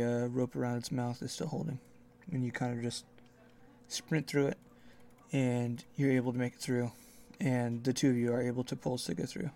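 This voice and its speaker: A man running a tabletop game, describing the scene in a loose, rambling way. His voice is mid-pitched with a clear gravelly fry running through it. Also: a little mellow. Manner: rambling, many fillers and restarts. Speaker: game master.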